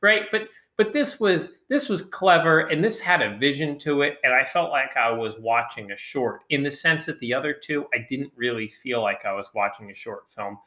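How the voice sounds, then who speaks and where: A man's voice: mid-range voice, expressive, a little fast, few pauses, bright, forceful tone, roomy sound. A man chatting casually about short films in an emphatic, wry way. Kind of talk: casual film review chat.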